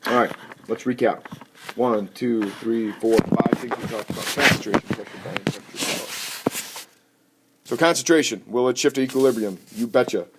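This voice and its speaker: A man teaching a chemistry lesson in a playful, jokey way with animated asides. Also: medium pitch, moderate pace. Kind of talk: recorded lecture. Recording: noisy recording with clicks.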